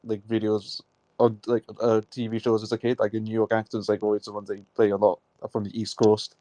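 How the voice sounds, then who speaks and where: A man as a guest on a live stream, talking casually and haltingly, full of restarts and fillers. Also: lowish voice, monotone, mellow, no echo, rough recording. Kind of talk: casual conversation.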